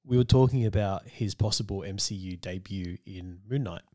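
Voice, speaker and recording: Low-voiced man explaining film lore. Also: moderate pace, dark tone, no room sound, clean studio sound. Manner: laughs often, explains lore at length. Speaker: podcast co-host. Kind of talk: casual film discussion.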